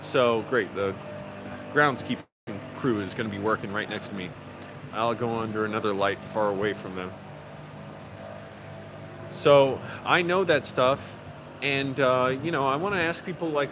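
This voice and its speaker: Chatty male vlogger, mid-pitch, rambling with fillers, clear city noise around him. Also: normal speed, long pauses. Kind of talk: casual vlog talk. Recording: outdoor street noise behind.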